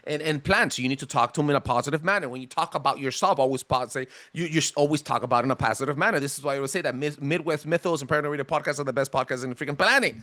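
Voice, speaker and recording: A man with a self-described thick accent, hosting a podcast and giving a casual presentation in an emphatic, animated way. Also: racing, few pauses, no echo, clean studio sound. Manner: animated, emphatic, swinging pitch. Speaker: podcast host.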